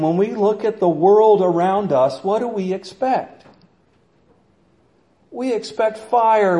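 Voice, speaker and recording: A man's voice: sits high, mellow. A man preaching a sermon in a church, impassioned and dramatic, acting out the voices he quotes. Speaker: pastor.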